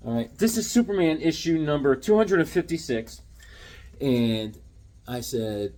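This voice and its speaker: A man in his forties showing off a comic book haul, talking in an excitable, joking way, recorded at home on a camera mic. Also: a little high, normal speed. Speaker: comic collector vlogger. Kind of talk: casual comic haul vlog with jokes.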